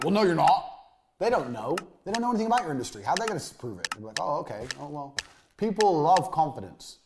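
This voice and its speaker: Blunt man lecturing over loud noise. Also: fairly high pitch. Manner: blunt, emphatic and profane. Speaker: business course instructor. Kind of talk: recorded course lecture.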